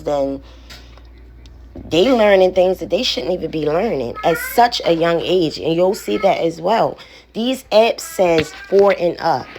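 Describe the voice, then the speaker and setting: A woman's voice: fairly low pitch, a little mellow, slight background noise. A woman in her thirties, a mother vlogging in a blunt, indignant manner and swearing now and then. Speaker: parent vlogger. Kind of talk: casual vlog, showing a phone.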